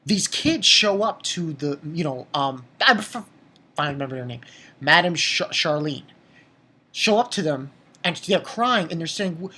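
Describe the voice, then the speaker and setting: A young woman with a low, husky voice rambles through an anime episode recap. She talks casually, restarts her sentences often and swears now and then, in a loose spoken review. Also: animated, normal speed, sharp tone.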